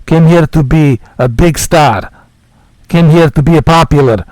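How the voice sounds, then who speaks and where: A man doing Niko Bellic, loud and gruff. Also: a little high, measured pace, dry recording, natural voice, poor audio. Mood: grumbling. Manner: loud, complaining, heavy put-on delivery. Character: brash male Eastern European immigrant, grumbling. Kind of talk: impression for friends.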